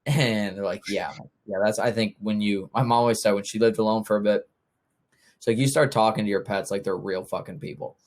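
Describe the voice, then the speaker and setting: Speaking a little fast in a steady, slightly mellow voice of fairly low pitch, this young podcast host relaxes into casual storytelling. He often performs other people's lines as he recounts what happened.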